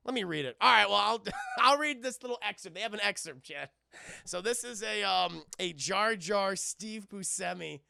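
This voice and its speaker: A man's voice: high voice, creaky, pushed and bright, no echo, clean studio sound. A man hosting a livestream in casual, giggly chat, swearing and talking to his chat. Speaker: livestream host.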